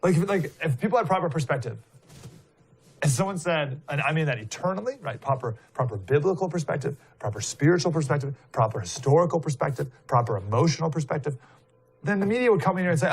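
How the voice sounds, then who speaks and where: A man's voice: fairly high pitch, animated, fast talker, breathy edge. A man giving live political commentary in a casual, rambling way, full of fillers and rhetorical questions, sounding indignant and emphatic.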